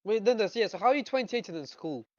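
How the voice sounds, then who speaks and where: A man's voice: high voice, animated, fast talker, darkish tone, dry recording. A man hosting a casual voice-chat discussion, teasing and stumbling over restarts. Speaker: discussion host. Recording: muffled lo-fi voice chat.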